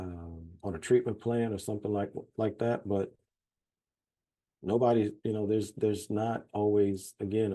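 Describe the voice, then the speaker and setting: A very low, mellow male voice with a Louisiana Southern accent, a little husky around the edges. He teaches in a folksy, joking way over a video call, like a psychologist talking shop with friends. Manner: folksy, chatty, self-deprecating humor. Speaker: psychologist and trainer. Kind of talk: casual webinar lecture.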